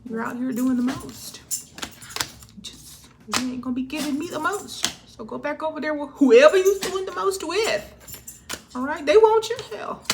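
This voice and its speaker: A woman giving a casual tarot reading, talking animatedly with laughing asides and swinging between low mutters and loud exclamations. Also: slight background noise. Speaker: tarot reader. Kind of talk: casual spiritual reading monologue.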